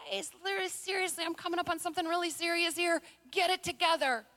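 A woman voicing Jesus as a weary, firm adult man who is quietly scolding his friends in a casual, exasperated way. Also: high-pitched, normal speed, big-room sound.

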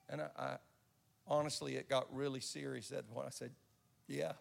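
A man's voice: mid-range voice, level tone, fairly quick, gravelly, in a large hall. A man preaching a sermon and telling a personal story in an earnest way, often restarting his sentences. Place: church sanctuary.

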